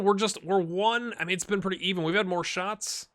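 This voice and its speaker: A man commentating his own football management game, excitable, going from mumbled asides to shouts at near misses. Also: high voice, fairly quick. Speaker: gaming YouTuber. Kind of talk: let's-play commentary.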